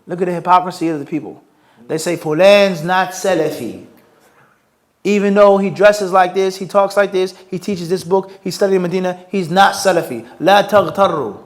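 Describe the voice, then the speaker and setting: A man's voice: high-pitched, fairly quick. A man teaching Islamic topics in a live question-and-answer session. He asks rhetorical questions and mixes Arabic phrases into his English. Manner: rhetorical, quizzes listeners with "what?". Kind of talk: live Q&A lecture.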